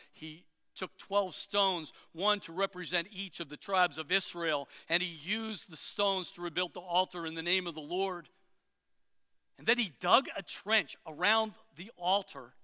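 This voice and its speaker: A man's voice: high voice, bright, forceful tone, clear, resonant tone, big-room sound. A man preaching, retelling a scripture story dramatically with swelling emphasis.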